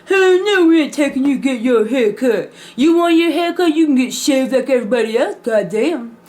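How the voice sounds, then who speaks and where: A woman's voice: sits high, lively intonation, normal speed, darkish tone. A woman voicing her short-tempered, cursing father, barking profane threats at his daughter. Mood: angry yelling.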